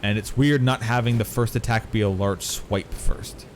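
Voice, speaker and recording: A man's voice: on the low side, steady tone, moderate pace, slight background noise. A man streaming a video game, chatting casually with his viewers and swearing now and then. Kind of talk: casual gameplay commentary.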